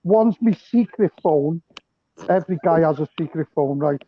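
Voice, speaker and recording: A man's voice: fairly high pitch, moderate pace, muffled recording, slight background noise. A man from Liverpool calling in to a casual live stream, telling jokey stories. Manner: joking storyteller. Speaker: caller. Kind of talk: casual chat.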